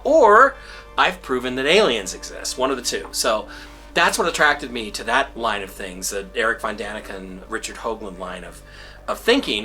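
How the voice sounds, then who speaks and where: A man speaking energetically and excitably in an interview. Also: medium pitch. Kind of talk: enthusiastic interview.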